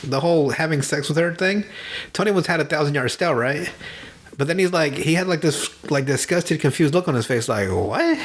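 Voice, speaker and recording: Brief: male podcast host, slightly high voice, swears a lot, laughs through his stories. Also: a little fast. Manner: profane, laughing, animated storytelling. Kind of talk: casual chat retelling movies.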